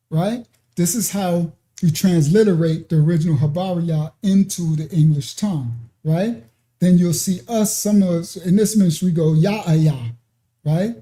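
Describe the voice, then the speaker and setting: An unhurried ministry teacher walks listeners through an informal scripture lesson, keeping a slow, steady pace. The tone is very dark and mellow. He often pauses to check in with "right?" and "okay?" and drifts into side paths with fillers and restarts. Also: medium pitch. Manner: digressive, with many fillers and restarts.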